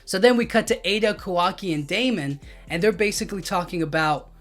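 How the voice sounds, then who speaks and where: A man's voice: sits high, lively intonation, brisk, a bit bright. A man recapping a manga chapter in a loose, casual way, filling his talk with "like" and "you know what I mean", with faint music behind. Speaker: anime and manga reviewer.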